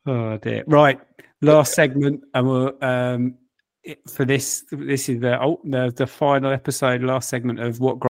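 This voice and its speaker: A man's voice: medium pitch, little pitch movement, a little slow. A man co-hosting a podcast, leading segments with casual banter. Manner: joking, leads the segments. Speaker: podcast co-host. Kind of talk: casual chat.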